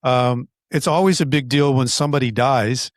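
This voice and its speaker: A man hosting a podcast, asking long, deliberate questions with occasional stammers. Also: medium pitch, no echo, studio quality. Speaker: podcast host. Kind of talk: interview questions.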